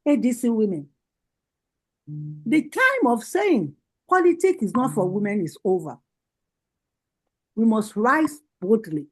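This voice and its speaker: A woman's voice: on the high side, sing-song, a little slow, long pauses, low-quality recording. A Nigerian woman giving a rallying political speech over a video call, with repeated, impassioned calls to action. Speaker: party women's leader giving a speech.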